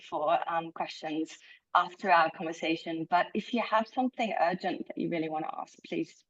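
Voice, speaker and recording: Low-voiced woman hosting on a lo-fi call. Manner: friendly, relaxed, fillers. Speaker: interviewer, event host. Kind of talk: hosting an online book talk. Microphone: video call.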